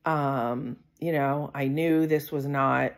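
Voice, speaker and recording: Low gravelly-voiced woman rambling a story. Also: fairly even intonation, takes it slowly. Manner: rambling, many fillers and asides. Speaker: vlogger. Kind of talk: casual storytelling.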